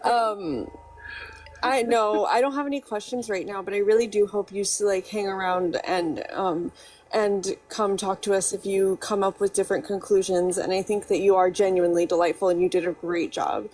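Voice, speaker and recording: A woman co-host speaking in a friendly, somewhat halting way during a casual chat. Her voice sits at a middle pitch and sounds distant from the mic. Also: fairly even intonation, darkish tone.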